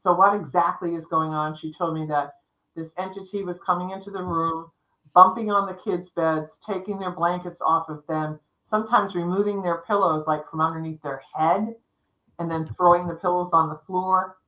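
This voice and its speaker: Middle-aged woman, bright forceful voice, lowish pitch, casual rambling storytelling, livestream mic. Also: fairly even intonation, normal speed, poor audio. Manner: rambling, with restarts and quoted dialogue. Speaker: psychic storyteller co-hosting a livestream.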